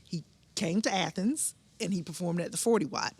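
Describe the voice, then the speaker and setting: Animated woman telling a comedy story. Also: normal speed, vocal fry, slightly rough, dry recording. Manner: animated, acts out others' voices in big pitch jumps. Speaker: guest comedian. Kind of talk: casual storytelling chat.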